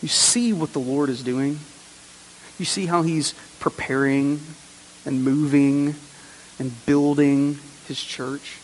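A man's voice: fairly high pitch, steady tone, slow. Earnest preaching man in a reverberant church. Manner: earnest preaching with repeated phrases and rhetorical questions. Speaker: pastor. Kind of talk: sermon. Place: church sanctuary. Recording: long reverb, faint hiss.

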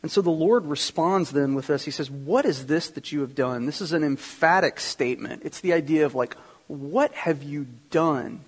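A man's voice: a little high, brisk, hardly any pauses. A man preaching a sermon, teaching earnestly and speaking directly to the congregation. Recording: long reverb of a hall.

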